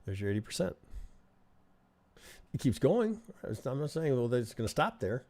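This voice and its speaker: Gravelly, dark-voiced trading instructor man. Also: mid-range voice, big pitch swings, normal speed. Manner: conversational, keeps asking "right?", thinks aloud. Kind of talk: live-stream chart review.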